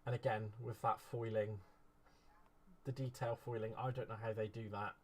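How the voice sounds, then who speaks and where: A man's voice: medium pitch, level tone, normal speed, slight background noise. A man chatting casually as a craft vlogger, gushing over card-making supplies. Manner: gushing, effusive. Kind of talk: casual craft unboxing chat.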